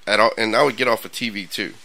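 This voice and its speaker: Rambling, bright-voiced male radio host. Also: lowish voice, quick pace, vocal fry, no room sound, poor audio. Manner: rambling, animated storyteller with frequent restarts. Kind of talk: casual radio chat. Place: radio studio.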